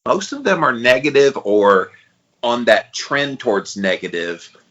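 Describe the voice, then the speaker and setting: A man in his forties co-hosting a podcast in casual chat, thinking out loud with hesitant restarts. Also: mid-range voice, big pitch swings, unhurried, lo-fi sound. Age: 40s. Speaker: podcast co-host.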